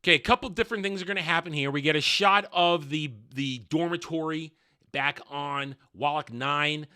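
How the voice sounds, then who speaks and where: Irreverent male TV reviewer, a bit high-pitched, very bright and forceful tone. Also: moderate pace, clean tone. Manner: sarcastic, irreverent and blunt. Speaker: TV show reviewer. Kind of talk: casual video review commentary.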